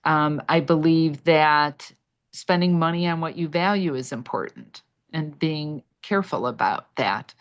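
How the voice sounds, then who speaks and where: A woman's voice: deep voice, unhurried, highs cut off. A woman presenting money mindset ideas on a live video call, explaining steadily with occasional fillers.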